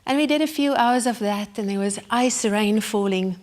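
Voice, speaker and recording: A woman giving a sermon as a personal story, told vividly and with feeling, sometimes dropping to a hush. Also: medium pitch, normal speed. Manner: vivid, emotional storytelling with sudden hushed asides. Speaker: Christian speaker.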